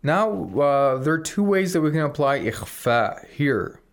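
A man's voice: fairly high pitch, expressive, a little slow. A man teaching Quran recitation on a radio program, explaining rules patiently and demonstrating examples.

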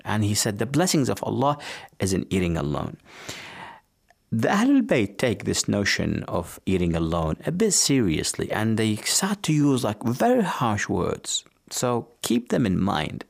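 A man with a low, gravelly voice gives a religious talk on the radio. He tells stories at a measured pace and turns often to his listeners, as if speaking to each one. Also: wildly swooping pitch. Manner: measured, storytelling, addresses listeners directly.

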